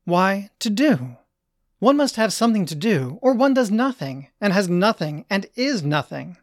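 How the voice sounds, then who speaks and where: A narrator voicing a serene, oddly philosophical woman who talks slowly and loftily. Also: medium pitch, very animated, dry recording, studio quality. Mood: lofty.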